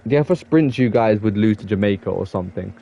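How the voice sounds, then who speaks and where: A man's voice: fairly low pitch, lively intonation, a little fast, creaky, lo-fi sound. A young man with an English accent chatting casually with his viewers while streaming a game, rambling on and restarting his sentences. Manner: rambling, self-admitted waffling with many restarts. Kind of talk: casual gaming stream chat.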